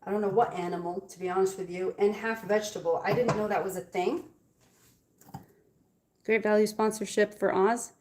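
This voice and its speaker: A woman's voice: medium pitch, steady tone, moderate pace. A woman hosting a live baking stream from her home kitchen, chatting casually and bluntly with her viewers as she works. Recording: loud hiss and appliance noise.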